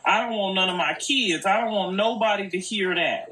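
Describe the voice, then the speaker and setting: With a mid-range, fairly bright voice at a moderate pace, an older grandmother talks earnestly and casually on a live stream, repeating herself colloquially. The recording comes across as distant, echoey, and noisy.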